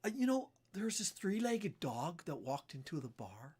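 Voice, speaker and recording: A man's voice: a little high, big pitch swings, moderate pace, a little mellow, breathy edge. A man putting on a whispery voice as a guy named Carl telling a corny dad joke. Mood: sly. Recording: guitar music behind.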